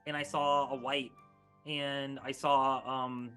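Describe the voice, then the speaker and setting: A man's voice: medium pitch, flat delivery, takes it slowly, pushed and bright, faint music behind. A man voicing a nervous, scruffy young street boy who stammers and fumbles his words. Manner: stammering, flustered.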